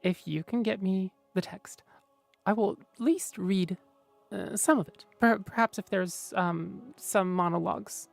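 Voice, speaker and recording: A woman streamer chats casually with viewers in a gravelly, medium-pitched voice, unhurried, rambling and mumbling to herself with lots of fillers. Faint music plays in the background.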